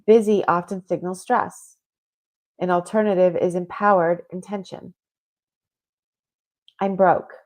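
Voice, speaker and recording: A woman's voice: fairly low pitch, fairly even intonation, unhurried, pauses often. A woman hosting a spiritual talk show, chatting casually and reading listener comments aloud with lots of fillers. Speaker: podcast host.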